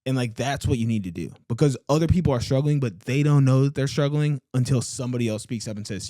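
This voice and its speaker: A man's voice: mid-range voice, fast talker, hardly any pauses, warm tone, no room sound, studio quality. A man co-hosting a podcast, talking earnestly in casual chat, leaning on fillers and emphatic turns. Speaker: podcast co-host.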